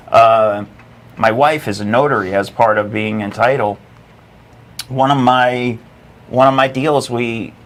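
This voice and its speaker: A man's voice: mid-range voice, fairly bright tone. A man co-hosting a casual podcast, giving conversational advice and often checking in with "right?". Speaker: podcast co-host. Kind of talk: casual chat.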